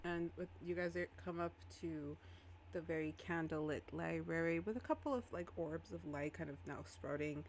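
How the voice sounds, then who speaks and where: A lively woman narrating as game master of a tabletop role-play, laughing easily. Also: low voice, normal speed, slight background noise.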